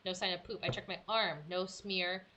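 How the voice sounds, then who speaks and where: A young woman streamer telling a story in casual chat, animated and acting out her own quotes. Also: fairly low pitch, moderate pace, slight background noise.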